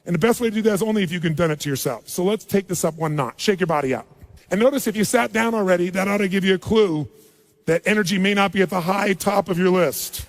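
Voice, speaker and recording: High-voiced man urging a seminar crowd. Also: fast talker, big-room sound. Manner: storytelling, then urging the crowd. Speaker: motivational speaker. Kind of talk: live seminar speech. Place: large hall with audience.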